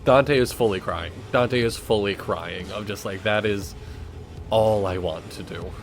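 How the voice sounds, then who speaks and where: Low-voiced man playing a tabletop game. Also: measured pace, slight background noise. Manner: loose, "like"-filled description. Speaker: player. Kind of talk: casual chat at a game table.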